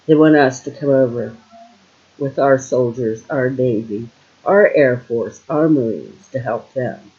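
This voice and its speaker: A woman's voice: extremely low pitch, unhurried, dark tone, highs cut off. An older woman from Ohio talking to camera at home in a casual, rambling monologue, full of fillers and trailing thoughts. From Ohio, USA. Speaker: vlogger.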